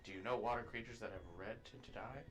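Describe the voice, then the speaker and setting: A man with a mid-range voice, chatting and cursing his dice as a tabletop player. His recording carries a clear layer of background noise. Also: mid-range voice, a little fast. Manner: excitable, swears and laughs. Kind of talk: casual tabletop chat. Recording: noisy recording.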